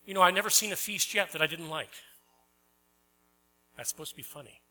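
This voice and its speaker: A middle-aged man preaching a sermon as pastor, telling stories with voiced characters and asking the congregation questions, swinging between loud emphatic lines and soft quiet ones. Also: high-pitched, brisk, rough recording.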